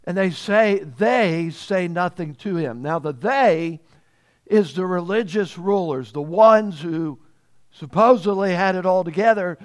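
A man preaching a sermon as pastor, emphatic and repeating phrases, growing louder on key points. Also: high-pitched, measured pace.

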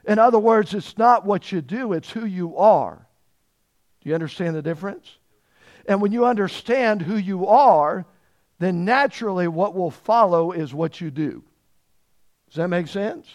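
Emphatic high-voiced male preacher. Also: lively intonation, a little mellow. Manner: emphatic, drawn-out stresses on key words; asks the congregation questions. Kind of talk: sermon.

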